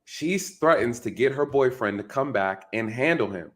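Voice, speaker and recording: A man's voice: medium pitch, lively intonation, moderate pace. A man commenting on a news clip for his viewers, talking casually and emphatically, often asking rhetorical questions and checking in with "right?".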